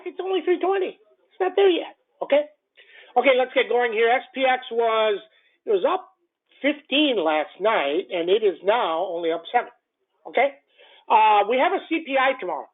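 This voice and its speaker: Brash man ranting over a tinny line. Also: very high voice. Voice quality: blunt, brash, profane. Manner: rapid ranting with stumbles and repeats. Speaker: trading show host. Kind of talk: morning market commentary. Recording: narrow phone-like audio.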